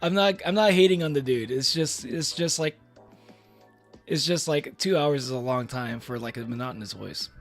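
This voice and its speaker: A young man streams and chats casually with his audience in a mid-range voice at normal speed. His talk rambles, with frequent laughter and lots of fillers and restarts, over soft background music.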